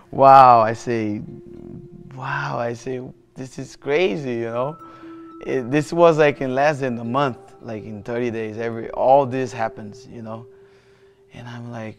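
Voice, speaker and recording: Here a thirtysomething jiu-jitsu athlete with a Brazilian Portuguese accent tells an interviewer a personal story. His mid-range voice stops and starts over repeatedly, padded with many fillers.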